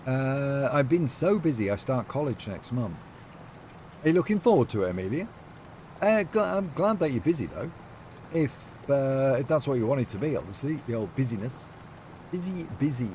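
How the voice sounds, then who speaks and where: A man's voice: medium pitch, big pitch swings, normal speed, a little mellow, slight background noise. A man streaming a farming game, chatting loosely with viewers and reading their messages aloud, with lots of fillers. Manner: rambling, reads chat aloud, many fillers. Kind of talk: casual livestream chat.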